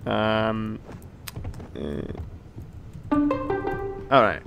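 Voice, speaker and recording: Give me a slow-talking, playful man commentating his gameplay. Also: on the low side, gravelly, lo-fi sound, faint music behind. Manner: rambling, playful, talks to himself. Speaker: gaming video creator. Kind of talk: let's play commentary.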